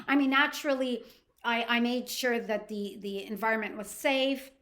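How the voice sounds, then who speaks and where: A middle-aged Canadian woman hosts a podcast, telling a personal story in a casual, animated way and frequently restarting her sentences. Her voice is a little high and her speed normal.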